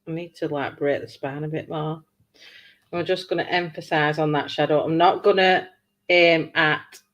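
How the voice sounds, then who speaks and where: A woman's voice: deep voice, fairly bright tone. A woman hosting a colouring livestream, chatting casually and laughing a lot as she works.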